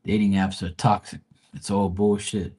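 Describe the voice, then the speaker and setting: A man's voice: lowish voice, level tone, normal speed, mellow, husky. A man hosting a live stream, telling rambling stories and ranting bluntly with a lot of swearing. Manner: profane, blunt, rambling storytelling. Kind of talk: casual ranting chat.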